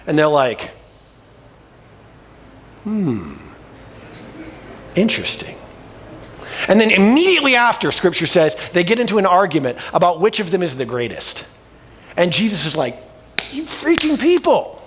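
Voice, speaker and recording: A man's voice: sits high, animated, a little fast, fairly bright tone, in a large hall. A male pastor preaching a sermon in a casual, colloquial storytelling way, full of vivid everyday asides. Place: church sanctuary.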